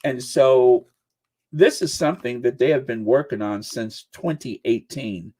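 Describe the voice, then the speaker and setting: Slow-talking older man hosting a livestream. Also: mid-range voice, darkish tone. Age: 60s. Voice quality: chatty, joking, frequent laughs. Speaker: channel host. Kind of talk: casual livestream commentary.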